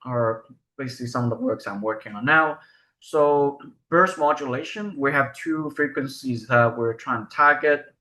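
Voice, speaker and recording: A man's voice: medium pitch, normal speed, sharp tone. A young man giving a recorded research presentation, explaining step by step and asking rhetorical questions.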